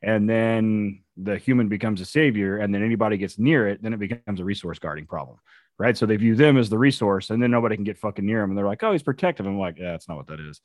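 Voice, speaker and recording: A man co-hosting a casual podcast, telling profane, animated stories about police dogs. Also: on the low side, quick pace, no room sound, studio quality. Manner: profane, animated storytelling with quoted asides. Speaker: co-host, police dog handler.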